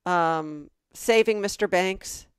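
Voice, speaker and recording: A middle-aged Southern woman, a podcast co-host, chatting and telling stories with lively quoted voices. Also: on the low side, slow, smooth, no echo, clean studio sound. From American South. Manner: animated storytelling with quoted voices. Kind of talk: casual chat.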